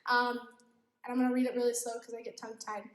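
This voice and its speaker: A woman's voice: fairly high pitch, level tone, quick pace. A young woman giving an informal youth devotional talk, giggly and self-deprecating, often laughing as she speaks. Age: young adult. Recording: echoey room.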